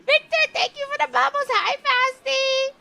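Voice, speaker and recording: A young woman streaming a game, chatting in a lively way, laughing often and swearing freely. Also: extremely high pitch, normal speed, creaky. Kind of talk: casual chat while streaming a game.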